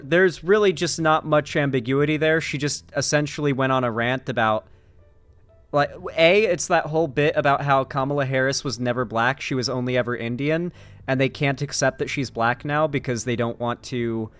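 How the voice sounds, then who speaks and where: A man's voice: medium pitch, a bit bright, clean tone. A young man from Florida giving casual, sarcastic commentary on political news clips. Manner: chatty, sarcastic asides, puts on mock Southern voices.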